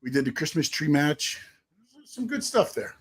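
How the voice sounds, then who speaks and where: A middle-aged man co-hosting a live show, casually reminiscing and running through names in a quick list. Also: a little high, big pitch swings, slightly rough. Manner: reminiscing, lists names rapidly. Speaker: co-host, wrestling promoter.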